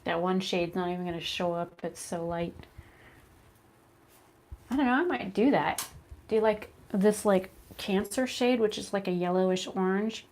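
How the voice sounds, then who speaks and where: A woman chatting to a phone camera at home, rambling and animated as she tells stories between makeup steps. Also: mid-range voice, moderate pace, a little hiss or hum. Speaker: beauty vlogger. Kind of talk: casual chat while doing makeup. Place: her home, indoors. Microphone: phone camera at arm's length.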